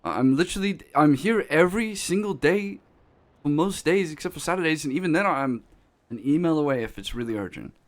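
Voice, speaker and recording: A man's voice: on the high side, expressive, a little fast, no echo, close to an everyday voice. A man playing a blunt, defensive boss. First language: not English. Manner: profane, blunt, self-justifying, restarts words. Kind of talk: in-character role-play talk.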